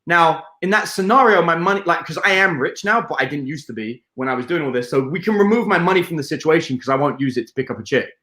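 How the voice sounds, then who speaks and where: A British man, a dating coach, telling stories in a lively interview with a playful, swearing manner, acting out scenes. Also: fast, few pauses, roomy sound. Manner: playful, swearing, acts out scenes in high put-on voices. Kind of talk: animated interview storytelling.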